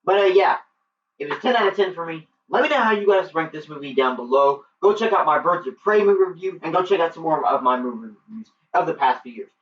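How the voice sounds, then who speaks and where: A man's voice: on the high side, lively intonation, fast talker, slight background noise. An eager man rambles through a casual movie review, full of ums and restarts. He sits some way off the mic in an echoey room, and the sound is dull and lo-fi. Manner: eager, rambling, many fillers. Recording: roomy, distant, dull lo-fi.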